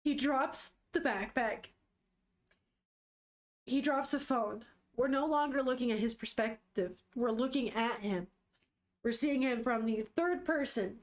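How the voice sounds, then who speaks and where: A woman casually reading a manga aloud, narrating the panels and breaking in with excited, swearing exclamations of surprise. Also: fairly high pitch, a little slow. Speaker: manga reader, streamer. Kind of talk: casual read-aloud with reactions.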